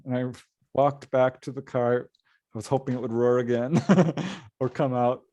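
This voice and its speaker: A middle-aged man, a guest on an interview show, telling a story in an animated way and laughing often as he goes. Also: mid-range voice, normal speed, no room sound. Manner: lively, laughs often while telling a tale. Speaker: guest, paranormal author.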